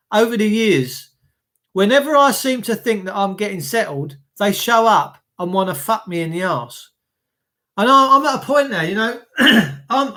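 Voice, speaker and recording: A man's voice: sits high, pushed and bright. A middle-aged man ranting bluntly to his livestream viewers, swearing heavily and repeating himself. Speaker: livestream host reading chat. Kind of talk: casual ranting monologue.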